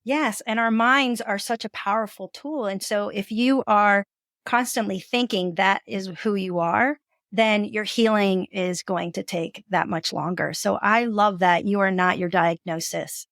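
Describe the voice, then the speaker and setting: A woman's voice: medium pitch, fairly even intonation, a little slow, gravelly, a bit bright, no room sound, studio quality. A woman hosting a podcast, affirming her guest and asking guiding questions. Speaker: podcast host. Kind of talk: casual interview conversation.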